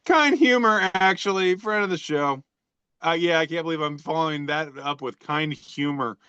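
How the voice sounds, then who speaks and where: A man's voice: fairly high pitch, normal speed, pushed and bright, clear, resonant tone, no room sound, dull audio. Rambling, joking man on a podcast. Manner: rambling, joking, with many fillers and restarts. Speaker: podcast co-host reading social media posts. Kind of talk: casual chat.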